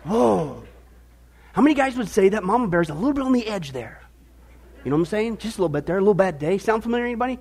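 High-voiced joking pastor. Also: male voice, lively intonation, rapid-fire, darkish tone. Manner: jokey, chatty, teasing the congregation. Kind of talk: sermon. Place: church service before a congregation.

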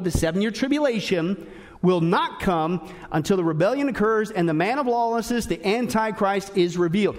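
A male pastor preaching a sermon in an emphatic, animated way, with frequent asides to his listeners. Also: high voice.

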